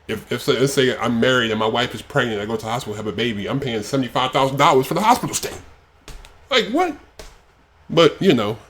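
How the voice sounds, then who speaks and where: A man from the United States hosting a casual reaction video, ranting in an exasperated way and filling his sentences with "like". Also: mid-range voice. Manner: exasperated rants, many fillers like "like".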